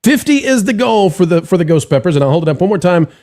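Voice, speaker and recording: A man's voice: high voice, fast talker. A man hosting a live stream, chatting jokily and reading out donations. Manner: animated, jokey, reads donations aloud. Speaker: show host. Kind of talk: casual live-stream chat.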